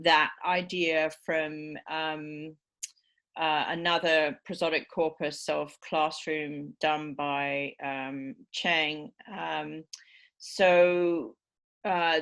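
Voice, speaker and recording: Slow, low-voiced woman lecturing. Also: a bit bright. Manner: explanatory, checks in with "right?" tags; frequent filler "um" and small restarts. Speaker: university lecturer. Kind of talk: recorded university lecture.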